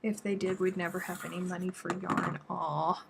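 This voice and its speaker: A woman's voice: fairly low pitch, level tone, normal speed, creaky, fairly bright tone, breathy edge. A middle-aged woman from Texas, casually chatting and answering viewer comments on a crochet live stream. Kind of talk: casual live-stream chat while crafting.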